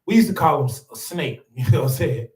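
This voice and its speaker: Here the host speaks quickly at medium pitch, his tone darkish and his intonation lively. He tells casual stories on his podcast, laughing a lot and dropping "man" often, recorded far from the mic in an echoey room.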